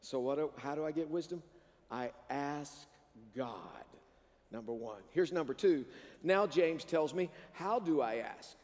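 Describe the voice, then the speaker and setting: A high-pitched male pastor preaches with animation and keeps calling on the congregation to answer back. His voice rings through a large sanctuary, trailing a long reverb. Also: a little slow. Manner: animated preaching with call-and-response prompts to the congregation. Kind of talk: sermon. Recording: long reverb of a church hall.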